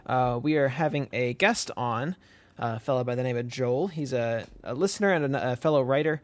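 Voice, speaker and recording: A man's voice: mid-range voice, normal speed. A young adult man co-hosting a writing podcast, talking casually and rambling through announcements with plenty of fillers. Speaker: podcast co-host. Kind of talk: casual chat.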